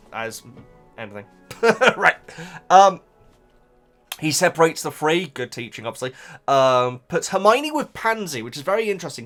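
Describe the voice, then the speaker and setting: A young man casually reacting to a book he is reading, rambling and halting, often stopping to laugh at himself. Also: mid-range voice, fairly bright tone.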